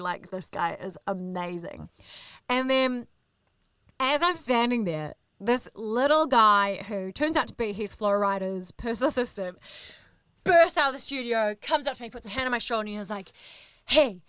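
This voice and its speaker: A woman in her thirties with a New Zealand accent, a radio host telling animated, sweary backstage stories in casual chat. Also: a little high, smooth, no echo, clean studio sound. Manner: animated, swears, acts out others in quoted voices. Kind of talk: casual storytelling.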